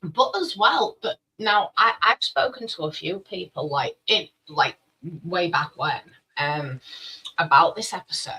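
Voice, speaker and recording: A man with a bright, sharp tone and a husky edge to his voice argues his side in a casual podcast chat. He lays out his case in firm, numbered points. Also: fairly high pitch, measured pace, low-quality recording.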